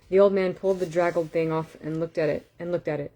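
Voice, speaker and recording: Low-voiced woman reading a novel aloud. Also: fast. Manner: calm, with small self-corrections and asides. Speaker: audiobook reader.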